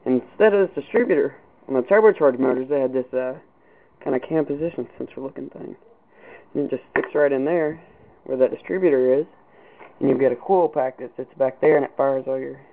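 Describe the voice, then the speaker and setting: A man's voice: medium pitch, brisk, gravelly. A young man from Kentucky, speaking, giving a casual, rambling walkthrough of his car project outdoors in the cold, with many fillers and restarts. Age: young adult. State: out of breath. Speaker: car hobbyist. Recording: tinny lo-fi camera audio with hiss.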